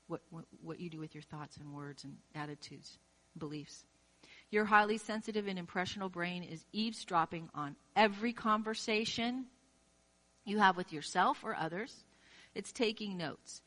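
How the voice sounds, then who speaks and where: A woman's voice: on the low side, a bit bright. Emphatic woman preaching to her listeners. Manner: emphatic, direct address to listener; acts out quoted inner voices. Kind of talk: sermon.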